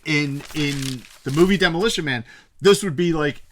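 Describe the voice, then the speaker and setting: A man's voice: a little high, moderate pace, fairly bright tone, a little hiss or hum. A man co-hosting a podcast in casual chat, rambling with lots of fillers and swearing. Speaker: podcast co-host.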